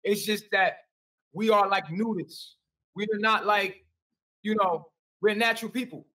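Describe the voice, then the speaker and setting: A man's voice: high voice, unhurried, sharp tone, distant mic, rough recording. A man answering questions on a call, rambling and repeating himself defensively. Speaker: interview guest.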